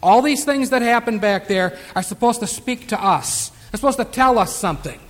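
A man preaching a sermon, reading scripture slowly and emphatically. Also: extremely high pitch. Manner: emphatic scripture reading, slow drawn-out verses. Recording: long reverb of a hall.

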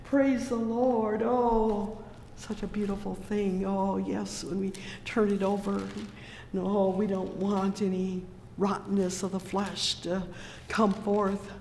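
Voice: medium pitch, flat delivery, slow, a little mellow, slight background noise. A preacher delivering a sermon, reading scripture and breaking in often with fervent cries of praise between verses. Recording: echoey reverberant hall.

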